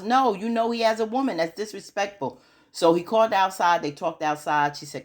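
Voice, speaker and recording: A woman recapping a TV drama episode in casual, animated talk, acting out the characters' lines as she retells the scenes. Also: mid-range voice, brisk. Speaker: TV show recap host.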